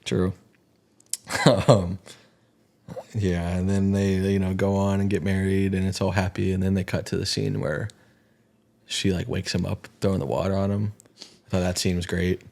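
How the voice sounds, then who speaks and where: A man's voice: sits low, monotone, normal speed, creaky, long pauses, warm tone. A man co-hosting a podcast in casual chat, animatedly retelling movie scenes and acting out lines. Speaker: podcast co-host.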